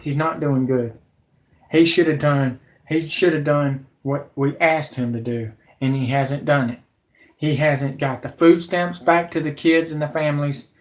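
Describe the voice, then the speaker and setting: Man in his late thirties, angry rant, repeats himself, confrontational, slightly high voice. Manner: heated, repetitive, confrontational. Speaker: channel host.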